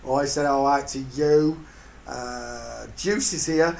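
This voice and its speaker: A man's voice: slow pace, creaky. An older man hosting a casual livestream, greeting viewers by name and sending blessings, with jokey asides. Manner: jokey, drops into sudden high silly voices. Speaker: livestream host. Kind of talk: casual live-stream chat. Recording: echoey room with faint hiss.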